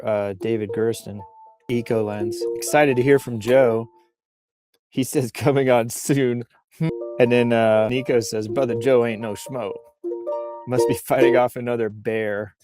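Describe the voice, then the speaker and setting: A male host chats loosely on a livestream, with a jokey, playful delivery. He rambles from one thought to the next in an everyday voice of ordinary pitch. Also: steady tone, unhurried, dark tone, soft background music. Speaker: news show host. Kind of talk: casual livestream chat. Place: outdoors on a bluff while on vacation.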